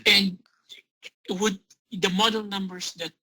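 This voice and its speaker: Man, slow speech, husky bright voice, hesitant question. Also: high voice, little pitch movement, poor audio. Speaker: audience member.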